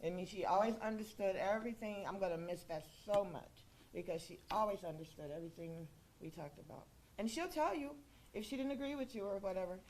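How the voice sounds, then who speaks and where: A woman who is a close friend, giving a chatty, animated eulogy at a funeral service, often checking in with her listeners. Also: mid-range voice, a little fast, slight background noise. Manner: chatty, animated, laughing, checks in with "okay?" and "you know". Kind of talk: funeral tribute speech.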